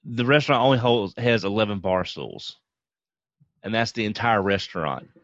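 A man's voice: lowish voice, normal speed, fairly bright tone, no echo, lo-fi sound. A man co-hosting a podcast, telling a rambling, easygoing anecdote. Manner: easygoing, rambling with fillers and restarts. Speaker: podcast co-host. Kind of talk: casual storytelling chat.

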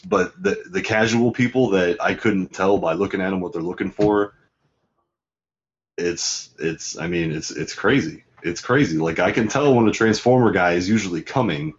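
A man's voice: low voice, moderate pace, slight background noise. A man, a toy vendor, chatting casually and rambling about his customers. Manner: rambling, repeats himself, imitates customers. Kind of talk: casual chat. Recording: dull lo-fi sound.

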